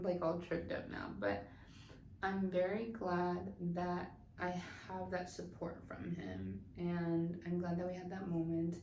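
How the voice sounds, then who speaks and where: A young woman from the southwestern United States, a vlogger, tells a story in casual, chatty fashion, with lots of fillers. Her voice is lowish and a little mellow, recorded in an echoey room with faint noise.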